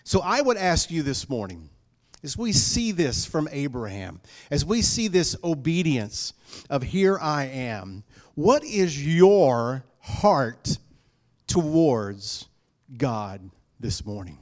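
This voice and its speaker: A man preaching a sermon to his congregation, emphatic and repeating key phrases, moving between loud calls and hushed lines. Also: a little high, sing-song, takes it slowly.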